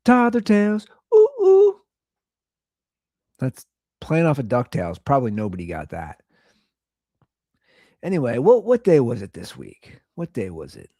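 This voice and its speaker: A man's voice: medium pitch, wildly swooping pitch, normal speed, pauses often, dark tone, no echo, clean studio sound. A man in his thirties hosting a casual show, telling an exasperated, rambling story about his young daughters. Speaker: podcast host; father of two young girls.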